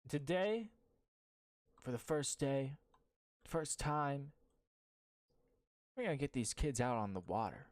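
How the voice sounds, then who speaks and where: Slow-talking male game master. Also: mid-range voice, expressive, dry recording, studio quality. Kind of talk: narrating a tabletop game.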